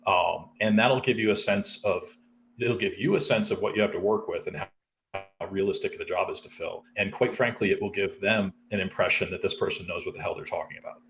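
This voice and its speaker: A man's voice: low voice, brisk, gravelly, fairly bright tone. A man recruiter explaining sales calls casually, often acting out client calls in quoted voices. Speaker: recruiter, co-host.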